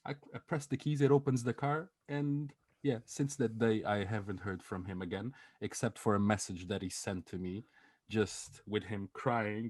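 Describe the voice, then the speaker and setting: A man co-hosting a podcast, telling a story in a casual, animated way, swearing and laughing as he goes. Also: lowish voice, moderate pace, no echo. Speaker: podcast co-host.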